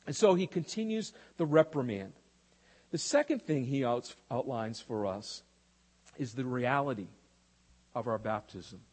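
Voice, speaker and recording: A man's voice: medium pitch, lively intonation, measured pace, darkish tone, breathy edge, long reverb tail. A man preaching a sermon as pastor, praying and then teaching with rhetorical questions.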